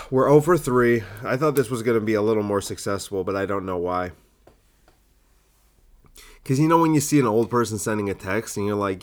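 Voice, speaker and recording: A man's voice: mid-range voice, a bit bright. A man hosting a solo comedy podcast, musing aloud in a self-deprecating way.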